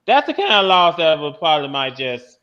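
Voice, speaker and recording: A man hosting a casual sports podcast, briskly moving the talk along. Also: on the high side, big pitch swings, lo-fi sound. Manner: moves the show along, brisk. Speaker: podcast host.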